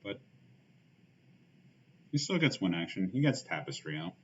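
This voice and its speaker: Though his voice sits low, this man is very animated as he streams a card game at a measured pace. He thinks aloud in casual commentary, dropping lots of fillers and muttered asides, and the stream sound is dull and lo-fi with a faint hiss.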